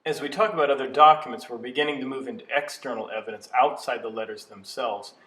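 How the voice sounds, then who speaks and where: A man giving an educational video lecture on scripture, explaining terms in a measured way and slowing down to stress key words. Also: medium pitch, fairly even intonation, a bit bright. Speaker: teacher of biblical studies. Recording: echoey room, mic at a distance.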